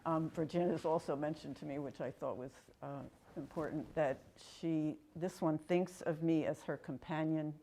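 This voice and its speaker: A dog owner speaks with a low, mellow woman's voice. She talks with her trainer in a casual, hesitant way. She often stops to fill the gaps as she searches for words. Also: steady tone, moderate pace, hardly any pauses, a little hiss or hum. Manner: hesitant, with fillers. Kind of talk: casual chat.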